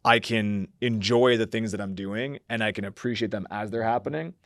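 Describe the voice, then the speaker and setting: Man, podcast guest, low voice, dry close sound, animated, filler-heavy. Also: normal speed, dry recording. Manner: animated, many fillers, acts out quoted thoughts. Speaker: podcast guest, company founder. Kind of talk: reflective conversational interview.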